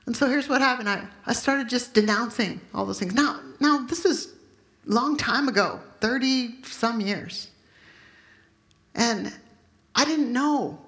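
A woman in her fifties preaches and tells her own testimony, her voice pitched a bit high. She gets emotional and acts out her prayers loudly for the room. The sound rings around a roomy, echoing space. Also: measured pace. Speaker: speaker at a Christian gathering. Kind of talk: sermon with personal testimony. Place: room full of listeners.

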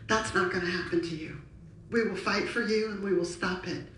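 A woman's voice: medium pitch, a little fast, a bit bright, slight background noise, pitched below the performer's own voice, natural voice. A woman voicing an earnest male follower who pleads urgently. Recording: echoey hall from far off.

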